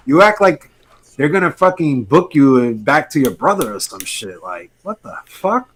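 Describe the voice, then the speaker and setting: A man's voice: on the high side, sing-song, moderate pace, breathy edge, soft background music. A man co-hosting a casual wrestling podcast, giving blunt, heated, profane opinions. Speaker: podcast co-host.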